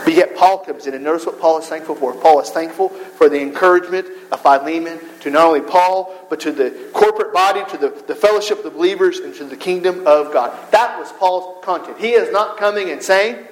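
A man preaching a sermon, animated and storytelling, acting out quoted voices. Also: a little high, brisk, hardly any pauses, poor audio.

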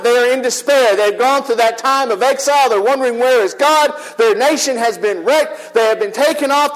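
Male pastor with a very high voice, preaching at full fervor and building to shouted peaks. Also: poor audio. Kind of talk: sermon. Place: church service with congregation.

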